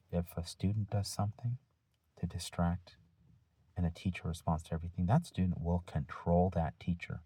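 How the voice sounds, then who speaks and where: A male teacher giving a deliberate, firm talk to his students, using rhetorical questions and pauses. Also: sits low, mellow, slightly rough, no room sound. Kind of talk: lecture-style talk to students.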